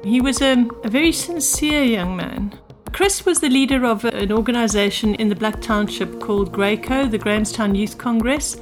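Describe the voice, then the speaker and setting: A middle-aged woman from South Africa recounting her own past in an interview, earnest and halting, often repeating words as she goes. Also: fairly high pitch. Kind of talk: personal storytelling interview. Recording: music playing underneath.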